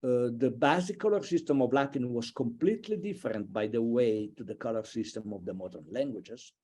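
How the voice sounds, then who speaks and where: A man giving an online university lecture, halting and thinking aloud with many fillers and restarts. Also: medium pitch, dark tone, breathy edge. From Italy. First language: a regional language between France and Italy.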